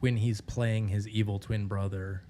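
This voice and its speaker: A man's voice: lowish voice, little pitch movement, a little slow, dark tone, a little hiss or hum. A man co-hosting a podcast in loose, profane casual chat. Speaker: podcast co-host.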